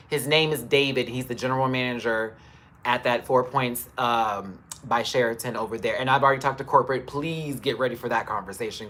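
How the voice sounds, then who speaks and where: A man's voice: medium pitch, fairly bright tone. A man telling a story on a live stream into a phone camera, emphatic and swearing as he retells it in detail. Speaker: livestreamer.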